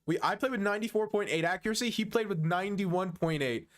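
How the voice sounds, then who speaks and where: A twenty-one-year-old American man from the United States, his voice high and quick, chats casually while analysing chess on a stream. He teases his viewers in joking banter and chuckles often.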